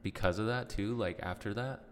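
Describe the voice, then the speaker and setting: A man hosting a podcast in a casual, slangy chat, gently prompting his guest with questions. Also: fairly low pitch, moderate pace, big-room sound. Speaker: podcast host. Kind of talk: casual conversational interview.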